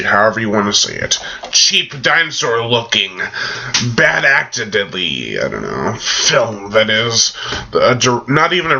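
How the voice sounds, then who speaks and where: A man's voice: medium pitch, sharp tone. A man casually reviewing a movie, rambling in a loose, jokey way. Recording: dull lo-fi recording.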